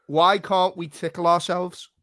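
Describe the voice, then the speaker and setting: A man's voice: high voice, little pitch movement, unhurried, fairly bright tone, no echo, clean studio sound. An English man hosting a podcast in casual, teasing, sweary banter, laughing often. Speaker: podcast host. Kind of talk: casual chat.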